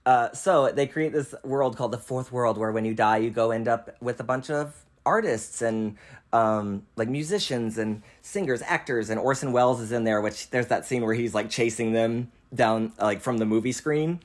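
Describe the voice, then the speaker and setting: A young man in a relaxed film chat, talking at an everyday middle pitch. He is animated, laughs often and acts out quotes, with plenty of casual swearing. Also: normal speed. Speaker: host.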